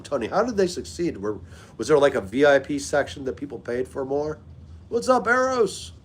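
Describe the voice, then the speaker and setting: A man hosting a live stream, chatting casually and greeting viewers by name as he talks. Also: medium pitch. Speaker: livestream host.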